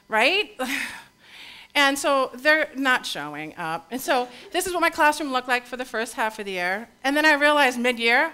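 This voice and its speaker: Bright, animated middle-aged woman storyteller. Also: high-pitched, moderate pace, clean tone. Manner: animated, candid, many fillers and asides. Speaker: educator, recovery school leader. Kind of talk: storytelling talk on stage. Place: stage at a live talk event.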